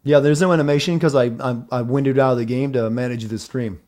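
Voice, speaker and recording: A man's voice: medium pitch, steady tone, quick pace, darkish tone. A man streaming a video game, chatting casually with viewers about connection problems and his play.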